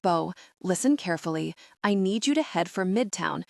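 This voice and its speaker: A woman voicing a British male assassin who barks urgent orders in a low, gravelly voice. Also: lively intonation, moderate pace, dry recording, studio quality.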